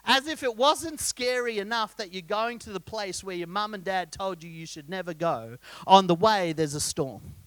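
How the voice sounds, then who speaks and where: A pastor delivers his sermon in a high, bright man's voice that sounds crisp and close. He tells the story with humour and keeps asking the congregation questions. The sound is dry, with almost no room around it. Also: no room sound. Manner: lively storyteller, jokes and quizzes the congregation.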